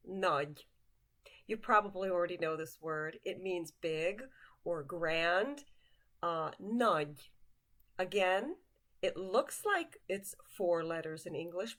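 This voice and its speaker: A woman leads a vocabulary lesson at a very slow, deliberate pace. Her pitch rises and falls in a lively way as she repeats each word and coaxes the listener to say it with her. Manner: patient, drills each word slowly for the learner to repeat. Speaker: language teacher.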